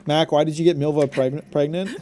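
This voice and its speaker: A man's voice: on the high side, steady tone, a little fast, warm tone. A man streaming a video game, joking and rambling through casual commentary. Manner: joking, rambling, laughs often.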